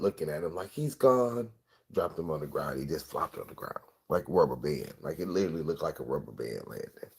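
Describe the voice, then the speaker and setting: A middle-aged man telling a personal story in a casual, profane, animated way, acting out the quotes. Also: deep voice, gravelly, breathy edge.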